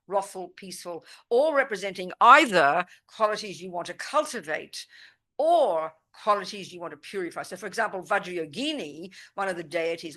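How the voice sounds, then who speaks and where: A woman leads a Buddhist retreat session in a bright, forceful voice. She speaks emphatically and directly, and often breaks off to ask whether her listeners understand. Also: on the low side. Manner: emphatic and forthright, often checking "do you understand?". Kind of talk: live dharma teaching with questions and answers. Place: meditation center teaching room.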